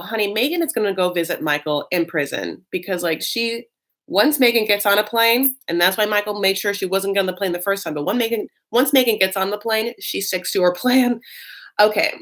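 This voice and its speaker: A woman's voice: medium pitch, normal speed, fairly bright tone. Sassy, gossipy woman recapping TV. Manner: sassy, gossipy, lots of "like" and "honey". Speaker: reality TV recap host. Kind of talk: casual recap commentary.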